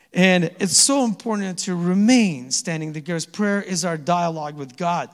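A man preaching a sermon as pastor, conversational and quick to chuckle, often asking the congregation to answer back. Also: high voice, long reverb tail. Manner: conversational, asks the congregation to respond; chuckles often between points. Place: church sanctuary.

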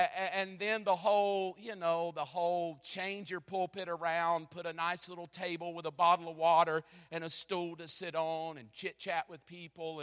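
A middle-aged man preaching a sermon as a pastor, animated and self-mocking as he tells stories, in a church. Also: on the high side, clear, resonant tone, big-room sound.

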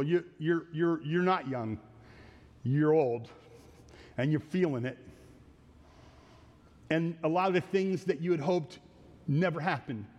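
An earnest pastor delivers a sermon on a psalm, going verse by verse and regularly repeating phrases or restarting what he's saying. His pitch is fairly high, and the audio has a big-room sound.

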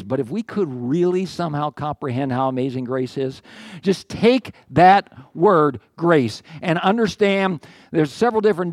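A man preaching a sermon in a slightly higher voice, talking to his congregation in a loose, conversational way with asides and restarts. The sound is dry and close, with no room echo at all. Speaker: pastor.

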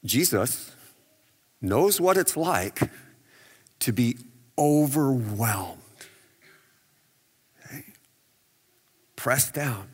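A man's voice: medium pitch, animated, drawn-out words, long pauses, slightly rough, long reverb tail. A male pastor giving a conversational sermon, asking the audience rhetorical questions and acting out what people say. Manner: conversational preaching with rhetorical questions and acted-out quotes.

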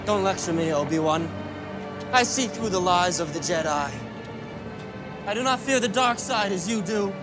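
A man's voice: high-pitched, lively intonation, normal speed, long pauses. An actor playing a defiant young man turned to darkness, threatening his old mentor in a film clip. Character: young male Jedi fallen to darkness, defiant. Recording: film clip, distant voice, loud music.

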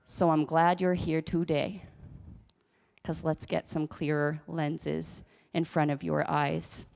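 A woman's voice: deep voice, flat delivery, takes it slowly, gravelly, darkish tone. Woman pastor preaching in an echoey church. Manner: conversational, self-deprecating asides. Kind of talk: sermon. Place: church sanctuary.

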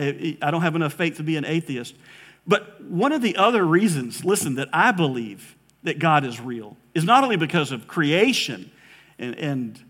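A man preaching a sermon as a pastor, earnest, slowing down to stress key words and rising sharply when quoting scripture. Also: on the high side, fairly bright tone. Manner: earnest preaching, slows for emphasis, rises dramatically on quotes.

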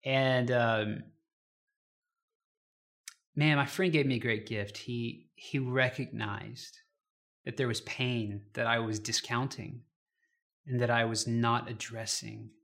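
A man speaking as a pastor, reading scripture and then sharing a personal story in a gentle, reflective way. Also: medium pitch, steady tone, takes it slowly, pauses often. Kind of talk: devotional sermon.

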